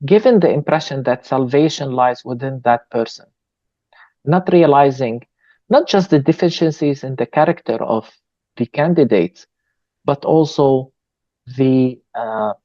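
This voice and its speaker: A man, a pastor, answering an interview question in a measured, earnest way, pausing with fillers. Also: medium pitch, mellow, dry recording, muffled recording. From Palestine. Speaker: pastor and guest.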